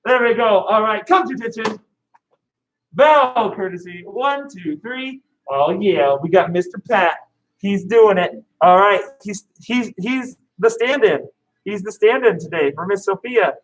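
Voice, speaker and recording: A man's voice: high-pitched, expressive, unhurried, fairly bright tone, rough recording. Upbeat man coaching a kids' karate class. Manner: upbeat, with drill commands and countdowns. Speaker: karate instructor.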